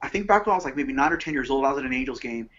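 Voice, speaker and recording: A man, a panelist on a call, telling stories with excited enthusiasm. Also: medium pitch, racing, highs cut off. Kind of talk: casual panel talk over a call.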